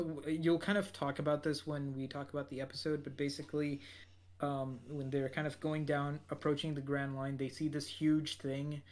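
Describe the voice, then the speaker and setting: Higher-voiced man recapping with many fillers. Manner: rambling, many fillers and restarts. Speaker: podcast co-host. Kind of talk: casual podcast recap.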